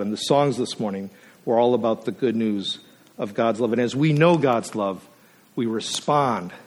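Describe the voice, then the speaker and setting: A man preaching a sermon as a guest speaker, earnest and emotional, at times choked up, his voice rising to emphatic peaks and sinking to a near hush. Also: on the low side. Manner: earnest, emotional, swells up then drops to a hush.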